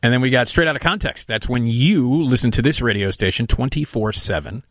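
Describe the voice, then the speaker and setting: A man's voice: mid-range voice, lively intonation, brisk, fairly bright tone, no echo, clean studio sound. A man hosting a radio show, chatting casually and announcing upcoming segments. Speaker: radio host. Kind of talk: radio show host talk. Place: radio studio.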